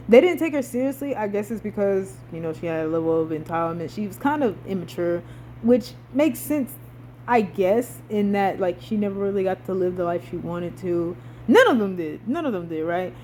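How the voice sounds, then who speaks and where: A woman's voice: medium pitch, fairly quick, slight background noise. A young woman, ranting casually and swearing, with dramatic outbursts. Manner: animated, swears a lot, dramatic rising outbursts. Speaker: vlogger. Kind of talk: casual rant about a TV show.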